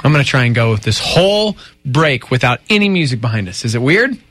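A man's voice: medium pitch, big pitch swings, a little fast, fairly bright tone, dry recording. A man hosting a morning radio show, chatting casually in a wry, joking way.

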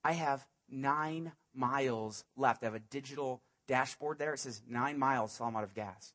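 A man's voice: medium pitch, normal speed, few pauses, fairly bright tone. A male pastor preaching a sermon, animatedly acting out biblical dialogue in casual modern speech.

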